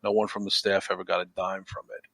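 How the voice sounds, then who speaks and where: A man's voice: sits low, level tone, fast, vocal fry, fairly bright tone, no room sound. A man talking as a podcast guest in a rambling, repetitive way, with lots of "you know.". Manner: rambling, repeats himself, frequent "you know". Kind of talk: casual conversation.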